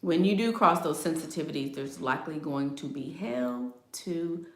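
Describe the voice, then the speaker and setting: A woman's voice: deep voice, expressive, normal speed, reverberant. A middle-aged woman hosting a casual chat, talking emphatically, repeating her points and laughing often. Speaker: astrology video host. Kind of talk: casual live chat reading comments.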